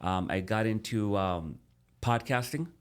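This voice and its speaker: Low-voiced man telling his story, bro-style. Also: unhurried, smooth. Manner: animated, addresses host as "bro". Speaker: podcast guest. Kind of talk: casual storytelling.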